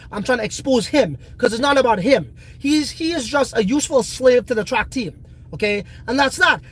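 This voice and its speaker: A man's voice: very high voice, fairly bright tone, husky, poor audio. A man hosting a casual livestream, talking bluntly and profanely and often ranting in a fired-up way. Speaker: livestream host.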